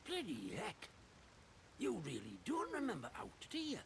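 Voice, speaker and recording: Casting: a gossipy, suspicious game survivor, gravelly and bright, lively in pitch. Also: male voice, normal speed, noisy background, full character voice. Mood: wary chatter. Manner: rambling, gossipy, suspicious of strangers. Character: wary, chatty male survivor of a sealed quarantine zone. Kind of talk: video game dialogue.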